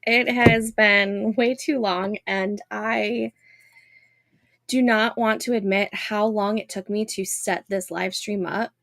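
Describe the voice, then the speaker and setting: A woman's voice: medium pitch, fairly even intonation, takes it slowly, fairly bright tone, no room sound. A woman in her thirties hosting a casual writing livestream from home, chatting with viewers and greeting them by name.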